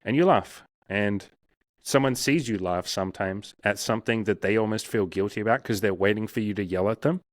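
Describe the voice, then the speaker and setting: A man's voice: lowish voice, fairly quick, no echo, clean studio sound. A male coach talking frankly in a casual interview, swearing freely and acting out inner voices.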